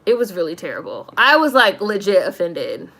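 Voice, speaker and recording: A woman's voice: lowish voice, very animated, normal speed, sharp tone. A woman casually ranting to her stream chat about a movie, swearing, laughing and saying "like" constantly. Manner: profane, exasperated, laughs while ranting; heavy use of "like". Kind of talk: casual rant to a live chat.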